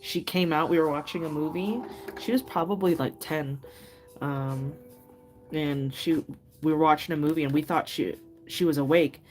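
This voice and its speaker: Low-pitched woman, middle-aged, chatty livestream host, laughs a lot, faint music behind. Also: normal speed, a little mellow. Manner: chatty, laughs often, loose storytelling with many fillers. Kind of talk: casual chat with live viewers.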